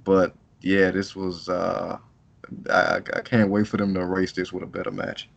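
A deep-voiced man chats loosely about a wrestling show as a podcast co-host. His talk is rambling and relaxed, broken up by frequent laughs. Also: normal speed, vocal fry, muffled recording. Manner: casual, rambling, laughs a lot. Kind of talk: casual wrestling review chat.

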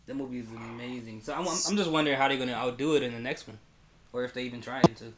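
A speaker in casual chat who is excitable, quick to laugh, and uses lots of filler words. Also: mid-range voice, slight background noise.

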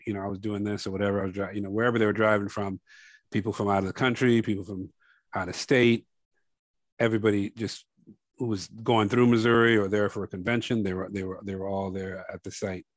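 Man, very deep voice, even and flat delivery, dry close sound, reflective interview talk with many fillers. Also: a little fast, no room sound. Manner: grows softer and lower toward the end. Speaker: documentary filmmaker. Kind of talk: interview conversation.

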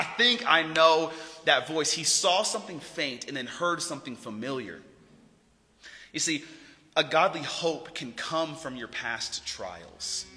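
A man preaching a sermon as a pastor, talking in a casual, animated and joking way. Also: medium pitch. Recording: long hall reverb.

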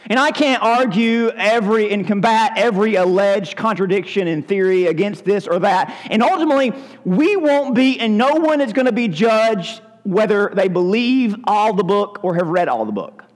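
A man preaching a sermon as pastor, animated and acting out scenes from scripture with shifting voices. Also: sits high, normal speed, few pauses, long reverb tail, low-quality recording. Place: church sanctuary.

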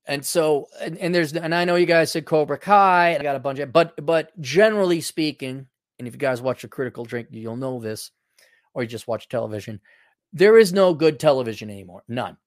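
A man's voice: fairly high pitch, brisk, no room sound, clean studio sound. A man hosting a talk show, in a rambling, casual commentary that is profane and full of restarts. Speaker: show host.

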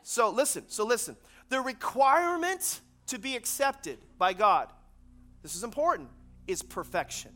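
A man with a notably high voice preaching in a church sanctuary. He preaches with animated emphasis, rising to a push on key points and calling out for the congregation to answer back. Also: moderate pace. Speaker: pastor. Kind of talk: sermon.

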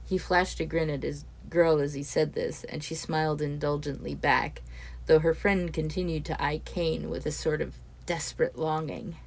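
Low-voiced woman narrating a story. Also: fairly even intonation, normal speed, vocal fry. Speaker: audiobook narrator.

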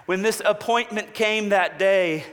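A man preaching a sermon as a pastor, measured and slow with long pauses, falling to a hushed voice for quoted promises. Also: sits high. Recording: long hall reverb.

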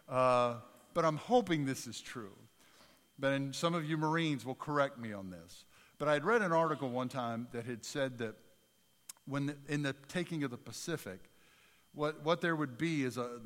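A man's voice: mid-range voice, fairly bright tone. A man preaching a sermon as pastor, talking conversationally with repetitions and climbing to emphatic peaks. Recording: church hall with long reverb.

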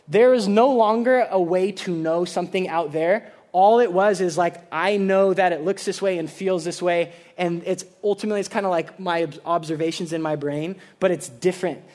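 A man with a fairly high voice delivers a sermon in a relaxed, conversational way. He explains ideas plainly to a young audience, stumbling and restarting as he thinks aloud, with filler words throughout. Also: normal speed, hardly any pauses. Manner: chatty, loose, with many "like" fillers and restarts. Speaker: preacher. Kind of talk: casual sermon.

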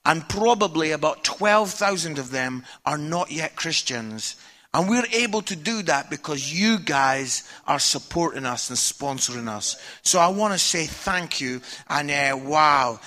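A man in his forties preaching a sermon from a church stage, telling personal stories in a candid, humorous, animated way. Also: a little high.

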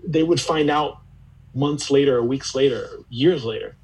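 A man with a slightly husky voice, speaking in an earnest, reflective way. He searches for his words as he goes, repeating phrases while he works out a thought. It sounds like an unhurried, thoughtful interview conversation. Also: medium pitch, a little mellow, rough recording. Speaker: podcast guest.

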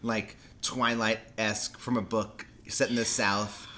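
A man from New York City co-hosting a podcast in casual chat, making quick jokey riffs with frequent restarts. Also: fairly low pitch, level tone, bright, forceful tone, a little hiss or hum. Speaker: podcast co-host.

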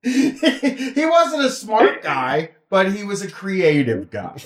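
A man's voice: high voice, huge pitch swings, slow pace. A man hosting a podcast, chatting casually in a rambling, wry way with many restarts. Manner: rambling, self-interrupting, wry. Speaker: podcast host.

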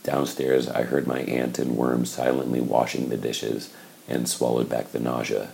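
A man reading a novel aloud in a measured, reflective way. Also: a bass voice, level tone, creaky, a little mellow, a little hiss or hum, rough recording. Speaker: narrator. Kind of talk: scripted audiobook narration.

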